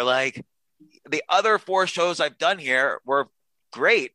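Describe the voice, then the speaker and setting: A man talks as a podcast guest, his voice bright and slightly high, with a dry, close sound. He tells chatty, self-deprecating stories and acts out the dialogue. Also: measured pace, no echo, low-quality recording. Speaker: podcast guest, author and comedian. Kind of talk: casual storytelling interview.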